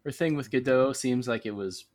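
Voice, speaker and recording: A man's voice: medium pitch, moderate pace, a crowd in the background. A man co-hosting a casual video game podcast, laid-back with dry, understated remarks. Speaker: podcast co-host. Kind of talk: casual spoiler chat.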